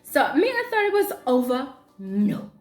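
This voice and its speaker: A woman with a Zambian accent telling a storytime vlog, animated and laughing often as she talks. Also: high-pitched, a little slow. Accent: Zambian English. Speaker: vlogger. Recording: roomy echo with faint background music.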